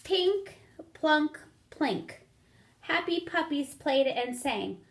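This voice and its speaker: A woman reading a picture book aloud to children, pausing to count along and ask them questions. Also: high-pitched, a bit bright. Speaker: storyteller for children.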